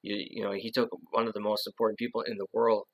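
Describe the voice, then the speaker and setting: Low gravelly dude rambling on his own, lots of uh and you know, keeps restarting sentences. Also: little pitch movement, quick pace, low-quality recording. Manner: rambling, full of fillers and restarts. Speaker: channel host. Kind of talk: casual monologue.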